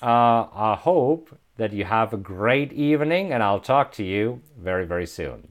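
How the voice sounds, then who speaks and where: A man's voice: lowish voice, expressive, unhurried. Upbeat man with a German accent. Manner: upbeat, chuckles often, many filler uhs. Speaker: host. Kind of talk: live stream chat reading viewer comments.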